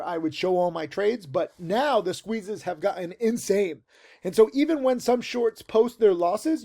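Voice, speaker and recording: A man's voice: high-pitched, warm tone. A man in his forties teaching trading in a casual, rambling video monologue full of fillers, recorded in a tent outdoors. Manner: rambling, filler-heavy, emphatic.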